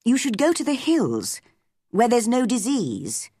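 A woman voicing a serious young Englishman who speaks gravely. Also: a little high, huge pitch swings, unhurried, warm tone, no room sound, clean studio sound, voice pushed up, exaggerated voice.

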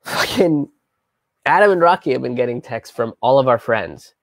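A man casually telling a heavy personal story on a live stream, halting and restarting often and swearing freely. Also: mid-range voice, expressive, no echo, studio quality.

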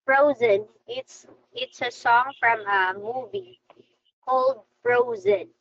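A woman's voice: sits high, sing-song, slow, gravelly, fairly bright tone, lo-fi sound. A woman teaching an online English lesson to a young child, coaxing and sing-song, heard over a video call.

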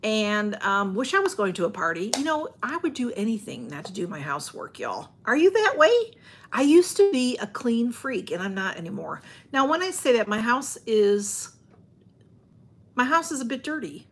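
A woman's voice: on the high side, big pitch swings, moderate pace. A woman chatting on a livestream from home, rambling and greeting viewers by name as she reads their comments. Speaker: livestream host. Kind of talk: casual livestream chat.

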